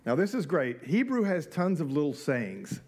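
Middle-aged guy preaching, higher-pitched, chatty, asks the crowd questions and cracks little jokes. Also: sing-song, normal speed, darkish tone. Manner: conversational preaching with rhetorical questions and humorous asides. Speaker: pastor. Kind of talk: sermon.

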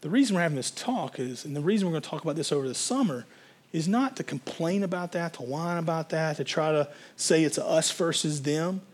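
A man's voice: a little high, expressive, brisk, slightly rough. A man preaching a sermon as a pastor, in a conversational, rambling way with fillers and restarts.

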